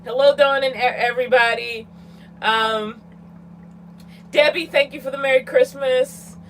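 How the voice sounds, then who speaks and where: A woman's voice: sits high, steady tone, unhurried, fairly bright tone, slight background noise, poor audio. A woman chatting casually on a livestream, giggly and talking to her cat, from inside her van. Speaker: vlogger hosting a livestream.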